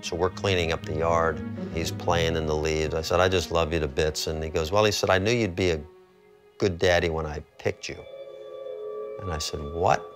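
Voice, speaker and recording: A father in an interview, telling a family story in a wry, low-key way. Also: steady tone, normal speed, faint music behind.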